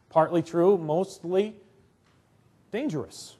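A man's voice: very high-pitched, expressive, normal speed, breathy edge. A man preaching a sermon in a conversational way, acting out little quotes and often asking "right?". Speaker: pastor.

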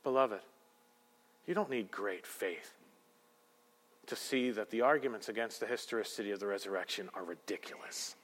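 A man preaching a sermon, moving between loud proclamation and hushed, intense passages. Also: lowish voice, moderate pace, long pauses. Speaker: pastor. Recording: long hall reverb.

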